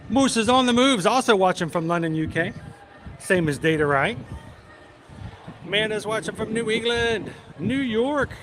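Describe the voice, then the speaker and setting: A man's voice: sits high, expressive, normal speed, fairly bright tone. A man hosting a casual live stream from a theme park, chatting and reading out viewers' names and hometowns. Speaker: livestream host.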